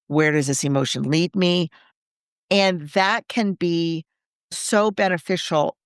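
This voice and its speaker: A woman's voice: fairly low pitch, smooth, no echo, clean studio sound. A woman who is a Catholic coach and podcast co-host, talking in an earnest, reflective way and often building lists and rhetorical questions. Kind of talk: conversational podcast chat.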